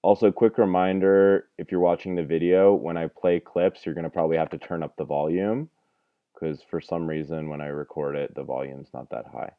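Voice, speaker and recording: Deep-voiced man teaching audio, chatty. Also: steady tone, normal speed, no echo, narrow, tinny audio. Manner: chatty and self-deprecating, rambling with fillers. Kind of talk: casual screen-recorded tutorial.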